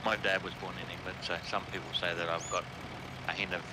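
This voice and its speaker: A man's voice: sits low, little pitch movement, fast talker, very noisy. A man with an Australian accent making dry, wry remarks in casual voice chat during a game.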